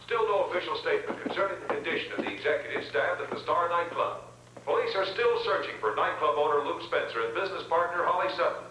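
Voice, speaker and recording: An actor as a brisk radio newsman. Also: on the high side, animated, recorded from a distance, background noise, natural voice. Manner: clipped, formal news delivery. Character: brisk male radio newsreader. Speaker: radio news announcer. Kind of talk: radio news bulletin. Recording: echoey radio playing from across the room.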